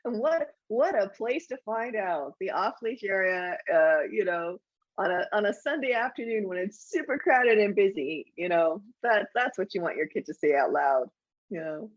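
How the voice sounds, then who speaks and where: A woman guest author chats casually, telling anecdotes in an animated way and laughing often. Her voice sits at a middle pitch. It comes through a dull, dry remote recording. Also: moderate pace, no room sound. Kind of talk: casual interview chat.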